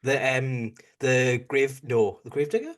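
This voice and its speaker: A man's voice: mid-range voice, fairly even intonation, measured pace. A man co-hosting a casual podcast, asking questions with stumbles and restarts. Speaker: podcast co-host.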